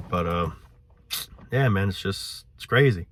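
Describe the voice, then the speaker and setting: A man's voice: sits low, animated, takes it slowly, slight background noise. A man hosting his own vlog channel, ranting in a loose, frustrated way, saying "man" often and swearing. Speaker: channel host.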